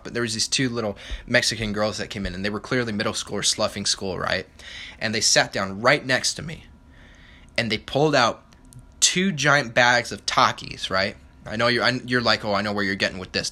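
A man's voice: fairly low pitch, bright, forceful tone. A young man hosting a solo podcast, ranting angrily with a lot of profanity. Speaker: podcast host.

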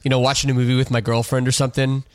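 A man's voice: mid-range voice, level tone, racing, no room sound. A man hosting a podcast, chatting casually over a call, rambling with plenty of fillers and restarts. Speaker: podcast host.

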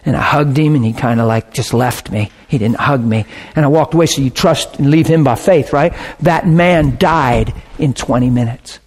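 A man preaching, telling a personal story with lively swings between hushed and shouting moments. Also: medium pitch, normal speed, hardly any pauses. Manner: animated, bursts into shouting and laughter. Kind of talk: sermon storytelling.

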